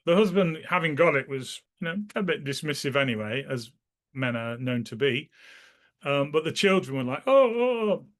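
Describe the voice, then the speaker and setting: A man's voice: medium pitch, normal speed, a bit bright. A man being interviewed, casually recalling memories in a rambling way, often restarting his sentences and acting out the people in his stories. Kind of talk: casual spoken recollection.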